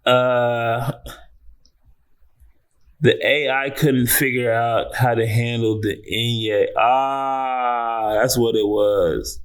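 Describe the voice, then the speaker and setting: A man's voice: very slow, clean tone. A man riffing on a commentary vlog in loose, slangy talk. His voice sits in the middle of the usual male range but jumps sharply upward when he gets worked up, and he curses and laughs along the way. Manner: animated, exclaims in sudden high bursts, laughs often; slangy, swears freely. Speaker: entertainment news host.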